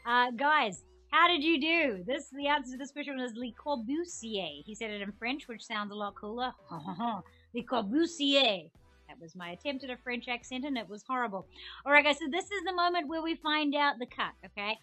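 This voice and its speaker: A young woman hosts a live trivia stream in an upbeat, chatty way, her voice sitting fairly high. She reads each question and the viewers' comments aloud. Faint music plays softly behind her. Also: expressive, fairly quick. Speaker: trivia game host. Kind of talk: live-streamed quiz hosting.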